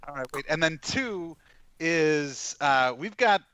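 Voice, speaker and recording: A man's voice: a little high, expressive, slow, sharp tone, clean tone, no room sound, rough recording. A man co-hosting a sports podcast, talking emphatically and casually. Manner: emphatic, rambling. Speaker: podcast co-host. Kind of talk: casual chat.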